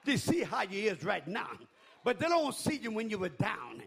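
High gravelly shouting preacher man. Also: big pitch swings, moderate pace. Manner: call-and-response, shouting rhythmic preaching. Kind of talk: fiery sermon. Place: church.

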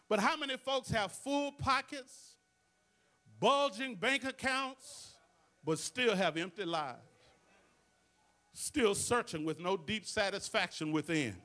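A man's voice: high voice, pushed and bright. A male pastor, preaching to his congregation with call-and-response asides. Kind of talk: sermon. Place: church sanctuary.

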